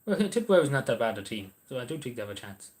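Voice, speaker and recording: A man's voice: medium pitch, big pitch swings, racing. An Irish man chatting casually on a livestream, answering viewers' messages in a rambling, hesitant way with lots of ums and restarts.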